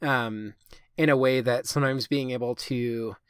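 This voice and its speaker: A man's voice: medium pitch, fairly even intonation, measured pace, smooth, dry recording, clean studio sound. A man co-hosting a podcast in casual chat, rambling with lots of fillers and casual swearing. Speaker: podcast co-host.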